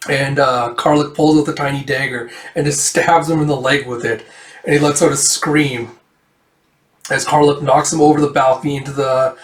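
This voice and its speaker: A man's voice: mid-range voice, fairly even intonation, normal speed. A man casually reading through a comic, rambling with fillers and acting out the dialogue. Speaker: manga reader. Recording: echoey room, distant mic.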